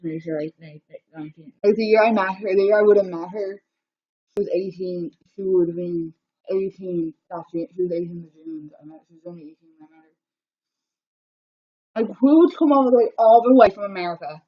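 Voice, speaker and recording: A woman, telling a rambling story on a live stream, with many restarts and excited repeats. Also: mid-range voice, brisk. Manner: breathless, repetitive, excitable retelling. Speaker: livestreamer. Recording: dull lo-fi livestream audio.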